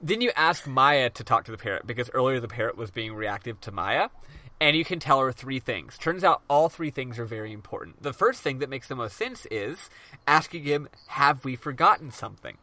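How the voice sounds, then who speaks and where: A man's voice: medium pitch, expressive, fairly quick, sharp tone, dry recording. A man hosting a podcast, casually recapping a game in a rambling, profane way full of "um"s. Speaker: podcast host.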